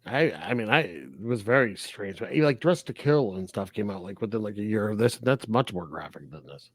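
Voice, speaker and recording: A man co-hosting a film review podcast in casual chat, animated and laughing often as he retells scenes. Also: on the low side, normal speed, dry recording, clean studio sound. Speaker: podcast co-host reviewing films.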